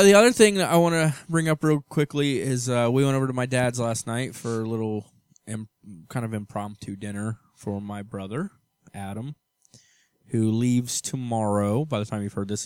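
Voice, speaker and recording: A man's voice: fairly low pitch, fairly quick, clear, resonant tone, no room sound. A man in his thirties co-hosting a casual podcast with his wife, teasing and arguing in a joking, goofy way. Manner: jokey, teasing, argumentative. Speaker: podcast co-host. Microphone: studio mic.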